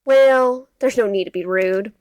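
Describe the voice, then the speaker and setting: A woman's voice: mid-range voice, a little slow, a little mellow, no echo, studio quality, natural voice. A woman reading aloud the lines of a pushy young woman, the narrator's twin sister, in a visual novel game, with a haughty manner.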